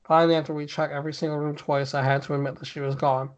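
This slightly high-voiced man races through a spooky story on his podcast in a level tone with few pauses, playing it with mock drama. He breaks off at times to chat and laugh, and the sound is dull and lo-fi.

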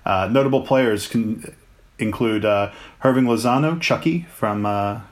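Low-voiced man previewing football teams. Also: measured pace. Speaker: podcast co-host. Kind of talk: casual sports chat.

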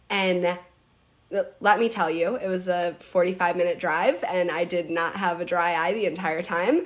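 A young woman on camp staff, chatting casually with many fillers and pauses. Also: on the low side. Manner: heartfelt, halting, many fillers. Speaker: camp summer staff member. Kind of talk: casual chat.

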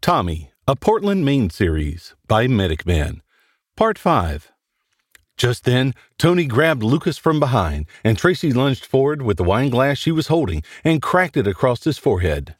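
Man narrating horror with lively pitch. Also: a little slow. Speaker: host and narrator. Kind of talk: scripted horror story narration.

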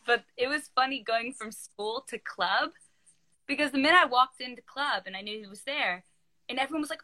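A young woman with a bright, clear, slightly high voice tells lively stories in a casual chat. She acts out other people's lines with big jumps in pitch. The sound is dry and close, as on a video call. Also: fairly quick, dry recording. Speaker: former player, guest.

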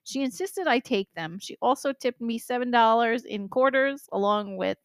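A woman's voice: fairly high pitch, animated, moderate pace, smooth, dry recording, clean studio sound. A young woman co-hosting a podcast as a hair stylist, chatting casually, laughing often and speaking bluntly. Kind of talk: casual chat.

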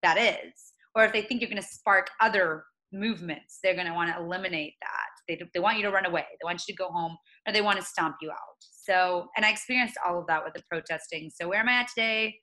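A woman in her late twenties speaking as an interview guest, earnest and reflective, often pausing and restarting. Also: fairly low pitch, bright, forceful tone, rough recording. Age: 20s. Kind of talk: conversational interview.

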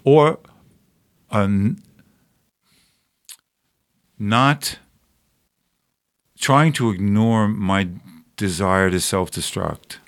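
Male comedian guest, deep voice, thoughtful and earnest. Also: extremely slow, long pauses. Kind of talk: casual chat.

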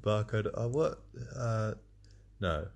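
A man co-hosting a casual comedy podcast, playful and quick to laugh. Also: expressive. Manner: playful, laughs often, bounces pitch up and down. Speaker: podcast co-host.

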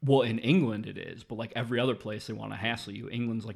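A man's voice: fairly low pitch, fairly even intonation, quick pace, vocal fry, darkish tone. An American man telling a rambling, profane story in casual chat, now and then mimicking other people's voices. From United States.

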